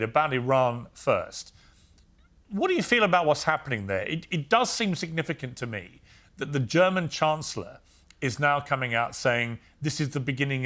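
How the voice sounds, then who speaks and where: A middle-aged man hosting a televised debate, brisk and quick to interrupt. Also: medium pitch, fairly bright tone. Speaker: talk show host.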